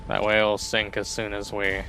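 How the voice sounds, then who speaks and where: A man's voice: lowish voice, completely flat delivery, normal speed, sharp tone. Chatty male streamer over game music. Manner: chatty, rambling, self-deprecating. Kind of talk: casual gameplay commentary.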